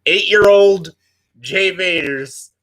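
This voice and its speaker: Bright-voiced man chatting casually. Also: high-pitched, takes it slowly. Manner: animated, acts out catchphrases in loud voices. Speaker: co-host. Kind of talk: casual chat.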